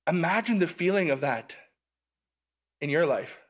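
A man preaching a casual sermon, reading scripture aloud and breaking off for relaxed, conversational asides. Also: on the high side, unhurried.

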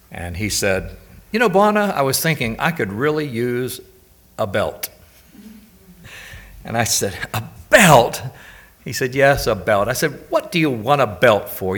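A man's voice: fairly low pitch, fairly bright tone. An older man preaching a sermon in a conversational way, telling anecdotes and often asking his listeners questions.

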